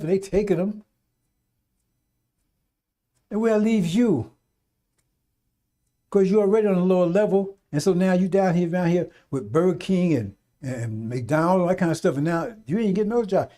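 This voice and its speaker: Fiery, preachy man with high, dark voice. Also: normal speed, pauses often. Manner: fiery, preachy, swears, mimics voices in asides. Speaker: radio talk host. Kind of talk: rambling radio monologue.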